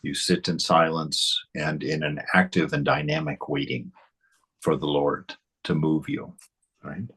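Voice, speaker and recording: A man's voice: very deep voice, level tone, unhurried, a bit bright, breathy edge, rough recording. A man teaching spirituality, reading from a devotional text and reflecting on it in a conversational way, often asking "right?". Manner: reflective, conversational, with frequent "right?" and "you know".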